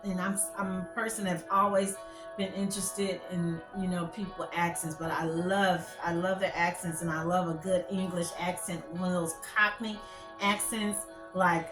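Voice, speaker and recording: A woman hosting a casual commentary vlog, chatty and gossipy, rambling with lots of fillers. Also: lowish voice. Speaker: YouTube channel host. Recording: echoey room with faint music.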